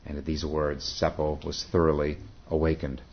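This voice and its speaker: A man, a Zen teacher, telling a story in a dharma talk, pausing often and correcting himself. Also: a bass voice, completely flat delivery, a little hiss or hum. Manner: halting, self-correcting. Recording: dull lo-fi recording.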